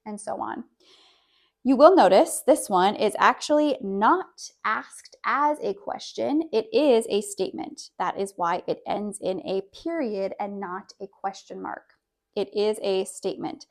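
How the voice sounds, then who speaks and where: English teacher, woman, patient and careful, repeats example phrases at an even middle pitch. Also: a little slow. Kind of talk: online English lesson.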